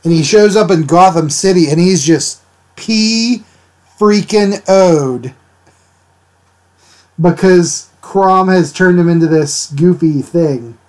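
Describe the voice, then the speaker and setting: Man, fairly high voice, casual livestream chat, rambling, laughs a lot, answering chat. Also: slow, a little mellow. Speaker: art livestreamer.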